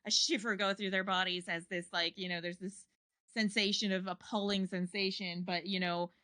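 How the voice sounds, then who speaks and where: A woman's voice: mid-range voice, flat delivery, normal speed, sharp tone, dry recording. A woman narrating as game master of a tabletop game, meandering with many fillers and restarts.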